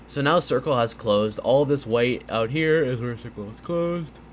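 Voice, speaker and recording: This is a casual gameplay breakdown from a tired man who yawns as he explains strategy over a map, wandering with fillers and restarts. His mid-range voice keeps a measured pace, with a faint hiss or hum behind it.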